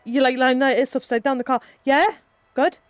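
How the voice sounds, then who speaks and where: A woman's voice: high voice, little pitch movement, quick pace, no room sound. A woman, chatting casually with her live chat, laughing often and telling rambling stories. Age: 30s. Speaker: streamer.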